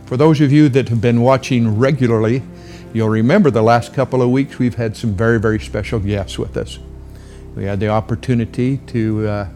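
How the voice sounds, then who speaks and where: A man hosting a podcast, formal and measured in his questions. A faint bed of music runs under his voice. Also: medium pitch, a little mellow. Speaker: podcast host, interviewer. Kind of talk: scripted interview.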